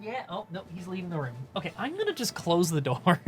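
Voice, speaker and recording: Guy streaming a game, loose and sweary, chatty with chat, voice kinda high. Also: sing-song, fairly quick, fairly bright tone, faint music behind. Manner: casual, swears, chats with viewers.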